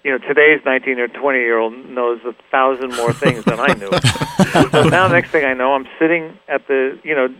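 A middle-aged man chats as an interview guest, his voice of ordinary middle pitch. He tells long anecdotes at an easy pace, full of fillers and restarts. The feel is loose and conversational. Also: moderate pace, a crowd in the background, rough recording. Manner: relaxed, rambling anecdotes with many fillers and restarts. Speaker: guest musician, guitarist. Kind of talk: casual interview storytelling.

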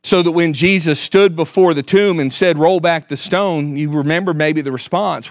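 A man's voice: fairly high pitch, normal speed, few pauses, no echo, studio quality. A man preaching a sermon, earnestly quoting scripture. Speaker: pastor.

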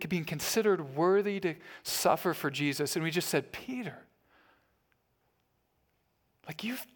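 A man preaching a sermon as a pastor, telling stories in a conversational way. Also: fairly high pitch.

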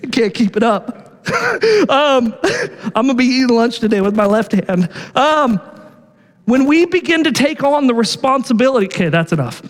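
A man's voice: very high-pitched, animated, normal speed, long reverb tail. A male pastor giving a sermon in a casual, conversational way, often checking in with "right?" and stumbling over repeated words.

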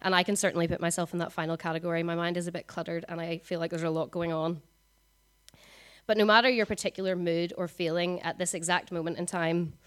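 A woman, giving a conversational sermon at a church service, talking fast with frequent ums. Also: fairly low pitch. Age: 20s. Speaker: preacher.

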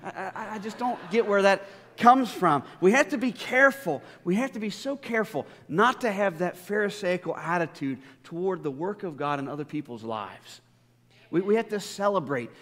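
A male pastor with a high, fairly bright voice tells stories through a conversational, emphatic sermon. Long reverb from a large church hall surrounds his words.

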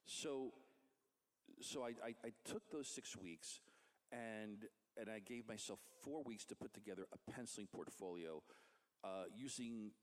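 A man, a comic book artist, telling a career story in a casual, animated way and acting out the people he quotes. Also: fairly low pitch, measured pace.

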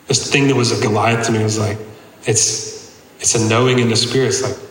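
A man's voice: fairly low pitch, level tone, moderate pace, a bit bright, a little hiss or hum. A man preaching a personal testimony to a congregation in a conversational, earnest way, full of casual fillers. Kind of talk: sermon testimony. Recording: echoey hall, long reverb.

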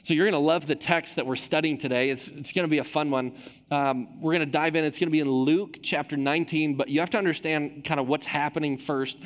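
A man's voice: on the high side, fairly even intonation, brisk. A man from Michigan preaching a sermon as pastor, telling a story with self-deprecating humor. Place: large church auditorium. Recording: long reverb of a church hall.

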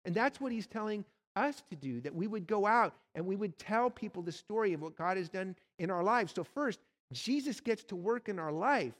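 A male pastor delivering a sermon, slightly high in pitch. He tells stories and turns to address the congregation directly. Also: expressive, normal speed, fairly bright tone.

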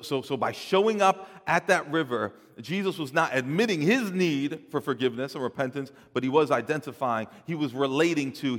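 A man preaching a sermon, swelling loud and dropping soft, often repeating words as he builds a point. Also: mid-range voice, long reverb tail. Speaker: pastor.

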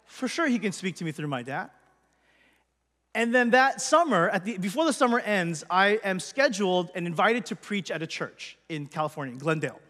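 Male pastor, high voice, earnest testimony, long hall reverb. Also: expressive, moderate pace, a bit bright. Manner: earnest, conversational storytelling. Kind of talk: personal testimony to a congregation.

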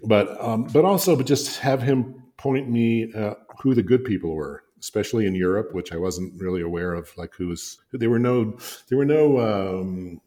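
Older male guest, deep-voiced raconteur, loose and chuckling with fillers. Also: moderate pace, few pauses, dark tone. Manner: rambling, chuckling, frequent fillers. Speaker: guest, designer and author. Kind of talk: anecdotal storytelling in conversation.

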